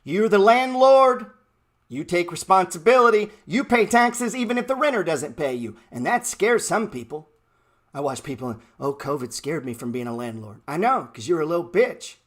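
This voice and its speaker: On his trading show, a thirtysomething man with a high, lively voice rants at normal speed. The motivational talk is brash and mocking, laced with plenty of profanity.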